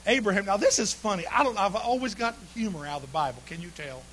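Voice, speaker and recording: A man preaching a humorous sermon, telling folksy stories with sudden bursts of shouting and laughter. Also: high voice, animated, quick pace, slight background noise.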